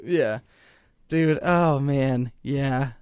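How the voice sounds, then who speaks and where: Excitable man saying "dude" a lot. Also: mid-range voice, extremely slow, clean tone, dry recording, clean studio sound. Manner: enthusiastic, profane, says "dude" constantly. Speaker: podcast co-host, audio reviewer. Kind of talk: casual chat.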